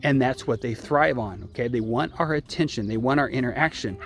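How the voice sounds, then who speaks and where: A dog trainer, a man, talks through a training session outdoors beside a puppy pen. His voice sits at an ordinary middle pitch, and he keeps pausing to ask "okay?". Faint music plays behind him, and a puppy barks now and then. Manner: explains step by step, often adding a checking "okay?". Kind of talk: casual filmed training demonstration.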